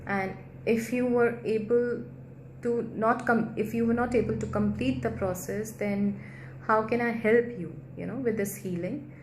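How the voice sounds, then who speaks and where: Soft-spoken woman guiding a meditation, roomy. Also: fairly high pitch, fairly even intonation. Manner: soft, gentle, slow and repetitive. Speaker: healing meditation guide. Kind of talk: guided meditation. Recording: roomy echo with faint background hiss.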